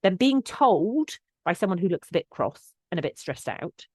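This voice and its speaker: With a fairly low voice and no echo, this woman, a collie behaviour specialist, offers advice on her dog-training podcast at a moderate pace. She teaches in a casual, talkative way, often restarting and using fillers, and grows animated when quoting others.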